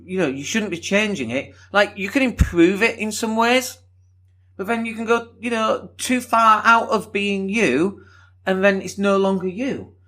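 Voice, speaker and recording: A man from Leeds with a softened Northern English accent, rambling candidly through a solo podcast with the odd swear. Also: high voice, measured pace. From Leeds, England. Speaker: podcast host.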